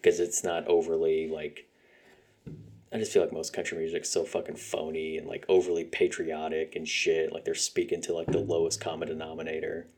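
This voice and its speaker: A young man hosts a podcast, rambling casually about music with plenty of fillers and swearing. His voice is very deep and darkish, delivered briskly in a completely flat way.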